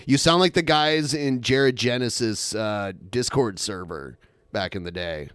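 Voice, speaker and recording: A man's voice: mid-range voice, unhurried, fairly bright tone, clean tone, no echo. A man co-hosting a podcast, chatting casually and mocking the clips he plays. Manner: mocking, wisecracking. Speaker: podcast co-host.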